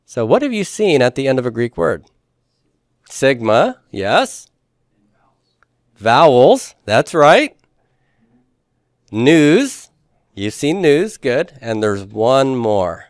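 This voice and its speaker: Taking it slowly and pausing often, a male Greek teacher lectures with a medium pitch and big swings in intonation, recorded dry at studio quality. He explains each step, checks in with "right?" and "okay?", and adds a playful joke or pun here and there.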